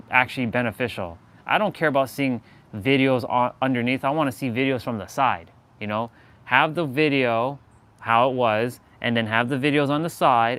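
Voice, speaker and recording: A man's voice: mid-range voice, fairly bright tone, clear, resonant tone. A man hosting a fitness livestream, talking in a loose, rambling, joking way. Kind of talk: casual livestream chat.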